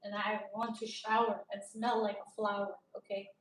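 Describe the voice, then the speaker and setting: A young woman vlogger telling a story in a casual, animated way, loud and laughing often as she acts out the dialogue. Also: medium pitch, moderate pace, far from the mic, a little hiss or hum. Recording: echoey room, voice from off-mic.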